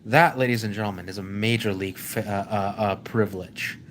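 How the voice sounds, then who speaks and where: A man hosting a live stream, talking off the cuff in a rambling way, with frequent restarts, and repeatedly calling out to his viewers as ladies and gentlemen. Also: on the low side, fairly even intonation, a little fast, a little hiss or hum. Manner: rambling, with many restarts and stumbles; keeps addressing the audience as "ladies and gentlemen". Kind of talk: casual opinion monologue.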